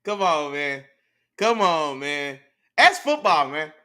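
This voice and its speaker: A man hosting a casual sports talk show, animated and slangy, reacting to his live chat and breaking down plays. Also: a little high, slow pace, clear, resonant tone. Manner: animated, slangy, repeats "you know what I'm saying". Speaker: podcast host.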